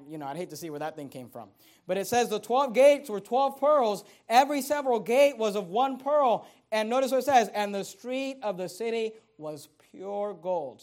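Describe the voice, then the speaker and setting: A pastor preaching a sermon in a conversational style, with rhetorical questions and loud, rising emphasis. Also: male voice, extremely high pitch.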